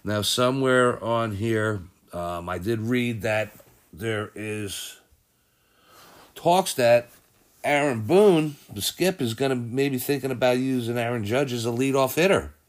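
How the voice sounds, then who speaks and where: At a measured pace and medium pitch, a man runs a casual sports podcast, rambling about results and news while thinking aloud and often correcting himself.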